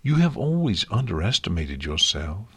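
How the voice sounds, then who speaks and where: A man voicing a gentle, motherly female pony princess in a storybook reading, speaking soothingly and hushing. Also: sits low, big pitch swings, normal speed, creaky, slightly rough, dry recording, exaggerated voice. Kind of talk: audiobook fan fiction reading.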